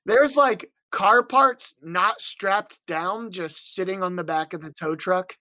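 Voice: mid-range voice, slow, pushed and bright, dry recording. A young adult touring musician casually telling a road story, wry and profane, acting out the other people's voices.

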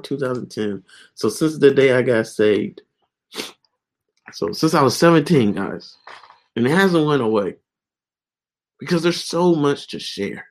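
A young adult man giving a casual video devotional. He rambles earnestly and keeps dropping "man" and "guys" as he speaks. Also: medium pitch. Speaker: online Bible teacher.

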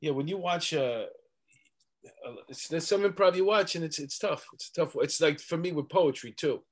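A man who is a comedian, talking casually as a podcast guest with halting, self-deprecating jokes. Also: fairly high pitch. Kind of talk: casual chat.

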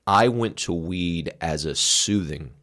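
A man with a very low, deep voice speaks in relaxed podcast conversation. He is frank and reflective about his own life and swears casually now and then, with an unguarded way of talking. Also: takes it slowly. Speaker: podcast co-host. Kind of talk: candid conversational chat.

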